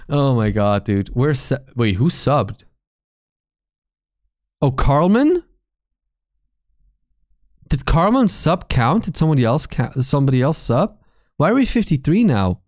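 A man's voice: mid-range voice, sing-song, measured pace, long pauses, darkish tone, dry recording, clean studio sound. A man streaming live and chatting casually with his viewers, blunt and full of swearing as he rambles.

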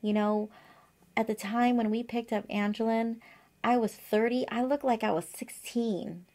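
A warm, slightly high voice with a steady tone and a somewhat slow pace belongs to an acupuncturist in her forties. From her office, she delivers a casual advice monologue to camera, rambling through a personal anecdote with many fillers and asides.

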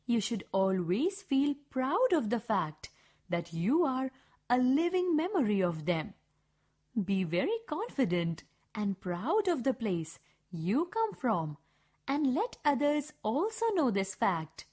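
A woman voicing a kind female teacher who speaks softly and calmly to a pupil. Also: fairly high pitch, slow, slightly rough, exaggerated voice. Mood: gentle. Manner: soft, calm, reassuring. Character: kind, calm female schoolteacher, gently encouraging.

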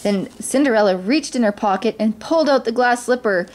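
A woman reading a children's storybook aloud in a gentle, steady way, with small slips now and then. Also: a little high, brisk, a little hiss or hum.

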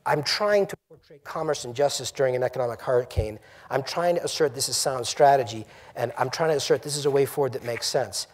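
A middle-aged man who runs a company gives a college audience an emphatic, conversational talk in a lecture hall, frequently putting questions to the room. He speaks in a husky, mid-range voice with a darkish tone.

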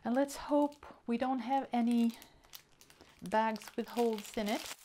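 Brief: unhurried, chatty woman host, excitable unboxing tone. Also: fairly high pitch, a little hiss or hum. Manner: chatty and excitable, counting items aloud. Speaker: hobby vlogger. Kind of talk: casual unboxing chat.

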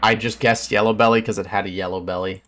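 A man's voice: lowish voice, steady tone, fast, noisy background. A man, a fish biologist streamer, giving casual reaction commentary, blunt and swearing, bursting into surprised questions.

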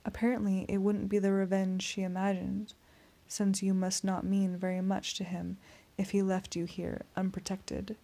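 Smooth polite vampire guy, read by a woman, soft purr, gravelly and warm, flat calm delivery. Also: medium pitch, normal speed, hardly any pauses. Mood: silky menace. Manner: soft seductive purr, courteous menace. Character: suave, menacing male vampire, calmly polite. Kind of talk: audiobook character reading.

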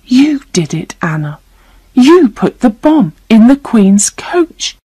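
A woman's voice: lowish voice, lively intonation, measured pace, no room sound. A woman reading a storybook voices a frightened, angry young woman who accuses her captors through tears. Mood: accusing. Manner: accusing, tearful.

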